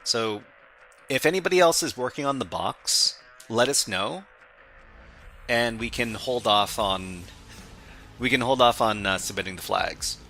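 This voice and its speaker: Bright-voiced man streaming a hacking session. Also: mid-range voice, a little slow, soft background music. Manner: chatty, restarts phrases, upbeat. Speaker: stream host. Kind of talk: casual live-stream chat while hacking.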